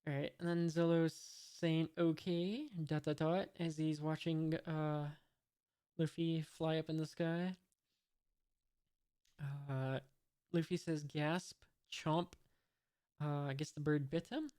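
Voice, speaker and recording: A man's voice: on the high side, flat delivery, slow, warm tone, clear, resonant tone. A man from the United States reading a comic aloud for the first time, describing each panel and adding hesitant, wry asides. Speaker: manga reader, channel host.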